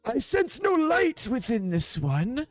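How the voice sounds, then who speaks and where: Gentle very old grand magistrate, put on by a male game master, high and soft-spoken. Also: wildly swooping pitch, slow pace, dry recording, soft background music, heavily acted.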